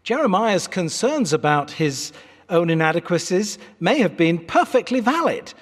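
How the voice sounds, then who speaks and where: A man's voice: sits high, very animated, normal speed. A British man in his fifties preaching an earnest, articulate sermon from a church pulpit, with wry asides. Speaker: pastor. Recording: echoey church hall.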